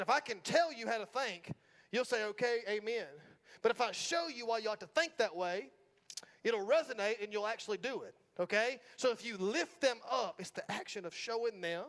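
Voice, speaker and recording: This Georgia pastor, middle-aged with a Southern US accent, speaks in a high, slightly bright voice during a sermon in the church sanctuary. He talks with the congregation informally, jokes around, and often asks "right?"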